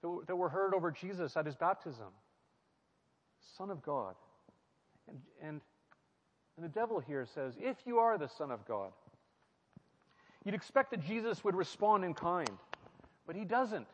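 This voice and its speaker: A man's voice: high voice, animated, normal speed, pauses often, a bit bright. A man preaching and teaching through a Bible passage, reflective, asking his listeners questions and repeating key phrases. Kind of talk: sermon-style Bible teaching. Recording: muffled sound with a long hall reverb.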